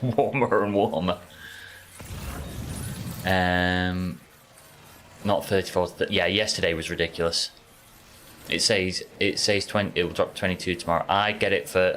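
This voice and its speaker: Deep-voiced Yorkshire man streaming games. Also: a bit bright, a little hiss or hum. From Yorkshire, England. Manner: easygoing, rambling, chats to viewers. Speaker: game streamer. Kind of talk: casual live-stream chat while gaming. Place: warm home bedroom.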